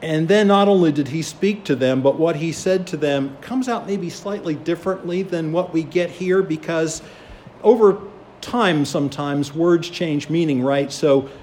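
A man's voice: a little high, a little slow, a little mellow, slight background noise. A man preaching a sermon, telling a story and acting out the voices of its people. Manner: storytelling, acts out quoted voices.

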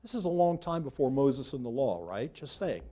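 A man's voice: medium pitch, very animated, moderate pace, dark tone. A man teaching a Bible class, reading scripture aloud, then breaking off with loose asides as he points things out on a map. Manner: talks loosely, with restarts, while pointing at a map.

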